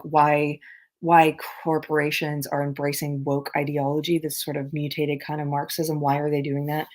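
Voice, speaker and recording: A woman hosting a casual livestream, chatting and reading viewer comments aloud with frequent laughter. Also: low-pitched. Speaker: livestream host. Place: abroad on a trip.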